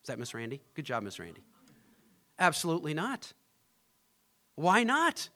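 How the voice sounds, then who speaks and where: Animated man preaching a sermon. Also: a little high, normal speed. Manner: animated preaching, rising to emphatic peaks, asks the congregation questions. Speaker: pastor.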